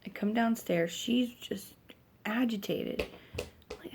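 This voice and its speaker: Frustrated young mother with a gravelly voice. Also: a little high, measured pace, darkish tone, slight background noise. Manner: rambling, frustrated, lots of fillers. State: weary and stressed. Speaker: mother venting to camera. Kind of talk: casual venting vlog.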